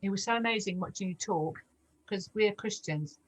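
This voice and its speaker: A woman in her forties telling her faith testimony in a lively, animated way, acting out the voices in her story. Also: normal speed, poor audio. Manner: animated storyteller, acts out dialogue with big pitch jumps. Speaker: guest sharing testimony. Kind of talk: storytelling testimony in a casual chat.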